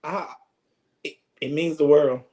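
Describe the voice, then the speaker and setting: Alabama guy, higher voice, talks real slow and earnest in an interview. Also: steady tone, dark tone, low-quality recording. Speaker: guest, businessman in funeral service. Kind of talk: interview answers.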